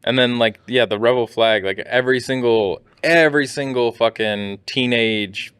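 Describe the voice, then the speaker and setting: A man who grew up in New York co-hosts a casual podcast, adding quick, wry, profane remarks. His voice is smooth and clear at a middle pitch. The close mic adds no room sound. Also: a bit bright, no room sound. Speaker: podcast co-host.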